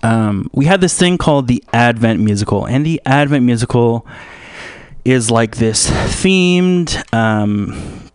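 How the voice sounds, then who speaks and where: A man's voice: mid-range voice, expressive, slow, clear, resonant tone, no echo, clean studio sound. A young man hosting a radio show, rambling through a comedic monologue with many restarts. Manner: meandering, restarts a lot, switches into put-on voices.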